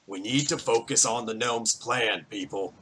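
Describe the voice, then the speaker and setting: A man voicing a gruff, weary older male half-elf mayor at a town meeting. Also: fairly low pitch, normal speed, sharp tone, a little hiss or hum, voice pushed down, low-quality recording. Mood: stern.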